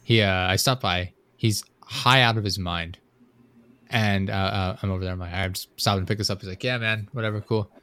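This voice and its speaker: A man's voice: lowish voice, fairly even intonation, fairly quick, pushed and bright. A man hosting a casual podcast chat, telling stories with many restarts and laughs. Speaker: podcast host.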